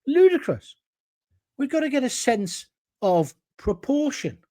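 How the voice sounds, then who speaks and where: A man's voice: very high-pitched, very animated, a little slow, a little mellow, dry recording. A middle-aged man, hosting an opinionated solo talk show monologue in a blunt, combative and indignant way.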